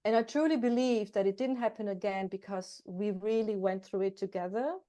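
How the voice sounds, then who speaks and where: Woman, mellow warm tone, earnest heartfelt storytelling, interview guest. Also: mid-range voice, fairly even intonation, a little fast. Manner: earnest, heartfelt, repeats words for emphasis. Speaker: guest, coach and hypnotherapist. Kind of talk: casual interview talk, storytelling.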